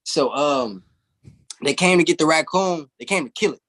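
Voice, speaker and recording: A young man, appearing as an interview guest, tells a long story casually and animatedly, swearing freely and laughing along the way. His voice is on the high side and fairly bright, at normal speed.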